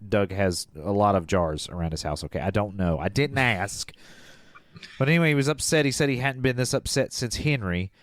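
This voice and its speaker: A man co-hosting a comedy podcast, telling a long story in a deadpan way. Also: on the low side, fairly quick, a little hiss or hum. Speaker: podcast co-host.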